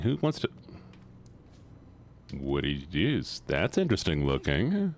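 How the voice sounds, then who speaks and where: A man's voice: very animated, moderate pace, long pauses, slight background noise. A man streaming a game, chatting playfully with his viewers between gameplay. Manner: playful, chatty with chat, squeals up high. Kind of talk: casual livestream chat while gaming.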